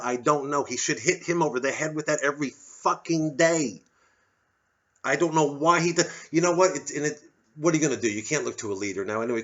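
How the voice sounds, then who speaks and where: A man's voice: mid-range voice, a bit bright. Male comic, angry sardonic rant, profane, somewhat muffled audio. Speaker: comedian doing a solo show. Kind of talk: ranting monologue. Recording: slightly dull lo-fi audio.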